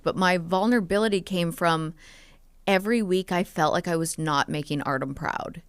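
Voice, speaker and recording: A woman in her thirties with a clear, resonant, lowish voice talks fairly quickly, with no room sound. Appearing as a guest on a podcast, she chats casually and openly, telling personal stories peppered with lots of "like"s and "um"s.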